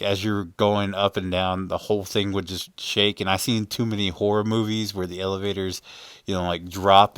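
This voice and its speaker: A man's voice: lowish voice, a bit bright, clean tone, dry recording, studio quality. A man casually narrating a voice-over for his vlog, rambling with many fillers and laughing as he goes. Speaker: vlogger.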